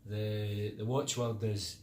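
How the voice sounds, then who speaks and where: A man's voice: fairly low pitch, level tone, takes it slowly, a little mellow, echoey room, a little hiss or hum. A man in his fifties, good-humoured and chipping in during a casual vlog chat. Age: 50s. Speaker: charity trekker.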